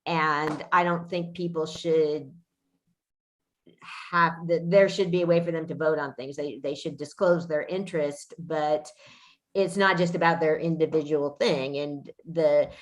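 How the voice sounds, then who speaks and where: A woman's voice: deep voice, fairly even intonation, unhurried. A woman hosting a podcast in casual chat, ranting indignantly with frequent swearing and restarts. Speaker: podcast host.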